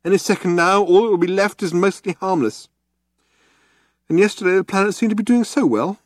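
Guy doing an anxious young englishman, high strained voice, wry and despairing, dry close sound. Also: brisk, no room sound, lightly acted. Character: anxious stunned young Englishman facing doom.

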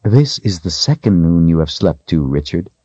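A wry, friendly young woman, voiced by a male narrator with a lightly raised, gentle tone. The recording sounds dull and lo-fi. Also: deep voice, very animated, moderate pace, husky, no room sound, full character voice.

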